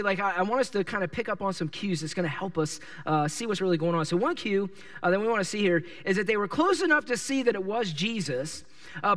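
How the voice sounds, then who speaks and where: A male pastor preaching a sermon, telling a story with lively, animated delivery and acting out the people in it. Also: high voice, distant mic. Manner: animated storytelling, acts out characters and yells their lines.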